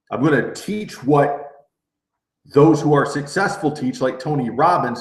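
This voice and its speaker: Energetic man coaching, roomy echo. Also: fairly high pitch. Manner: energetic, repeats words, rallying "okay?" asides. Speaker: network marketing trainer. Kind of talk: live training webinar.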